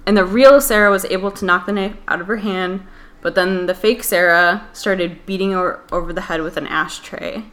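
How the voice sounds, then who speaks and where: A woman's voice: mid-range voice, normal speed, fairly bright tone. A woman co-hosting a podcast, retelling a story in casual chat with lots of fillers. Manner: chatty storyteller, many fillers like "like" and "um". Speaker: podcast co-host.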